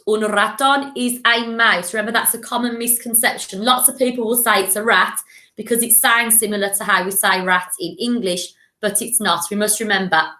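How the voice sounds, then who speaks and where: Bright woman teacher, encouraging, slightly high voice, echoey room, recorded lesson. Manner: encouraging, with playful animal voices. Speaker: primary school teacher.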